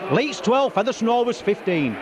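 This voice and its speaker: Man, hoarse, excitable match commentator rattling off names, pitched very high, noisy outdoor feed. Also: normal speed. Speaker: rugby league commentator. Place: outdoor rugby ground.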